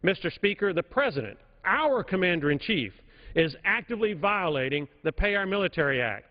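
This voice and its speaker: This congressman's voice sits high and moves briskly with a sing-song lilt as he makes a formal, forceful floor speech from a podium microphone, restating key points for emphasis. It's captured as dull broadcast audio in a reverberant chamber.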